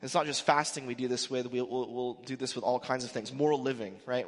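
A man's voice: mid-range voice, fairly even intonation, brisk. A man preaching a sermon in a conversational, emphatic way, acting out the quotes he gives. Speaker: pastor. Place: church sanctuary. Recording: echoey hall with long reverb.

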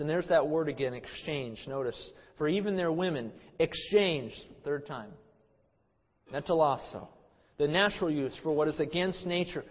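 A man preaching an expository Bible sermon, stressing words loudly and then trailing off quietly, often repeating himself. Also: fairly high pitch, lively intonation, normal speed. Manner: emphatic, swings between loud stresses and quiet trailing phrases, repeats words. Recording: dull sermon recording with long hall reverb.

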